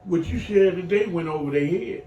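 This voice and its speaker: A middle-aged man giving heartfelt personal testimony as a client in a recovery program, earthy and animated, acting out voices as he tells his story. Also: sits high, a little fast, lo-fi sound. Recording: echoey room, voice from far off, faint noise.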